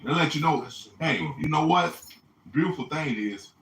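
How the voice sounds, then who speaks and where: A man's voice: fairly high pitch, expressive, normal speed, fairly bright tone. A man in a casual group chat, blunt and profane, ending lines with "man" and "bro". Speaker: group discussion member. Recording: echoey room, far from mic, faint hiss.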